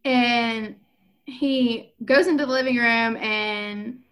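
A podcast co-host retells a book's plot in casual chat, her voice a little high and her pace slow. She's an animated storyteller, acting out the characters' lines and leaning on the filler "like".

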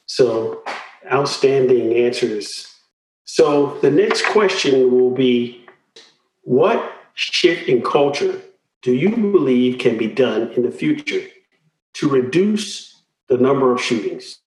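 Man moderating a panel, slow and measured, echoey room. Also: mid-range voice, expressive, a little mellow, a little hiss or hum.

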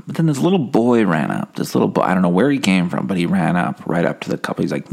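A man with a low, gravelly voice delivers an absurdist comic monologue in a deadpan way. His pitch swings widely as he wanders and corrects himself. He steers everyday stories toward dark punchlines. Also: fast, few pauses. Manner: deadpan, rambling with self-corrections. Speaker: comedy podcast host.

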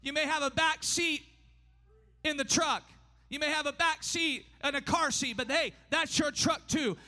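A man preaching a sermon in a church, emphatic and often shouting, his delivery swinging between fast bursts and slow drawn-out lines. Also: extremely high pitch, fairly even intonation. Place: church sanctuary. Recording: long hall reverb.

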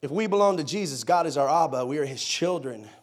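A young male pastor preaching in an easy, conversational way. He tells playful stories, rising loud and excited, then drops to a soft, hushed tone. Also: mid-range voice, fast talker. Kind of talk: sermon.

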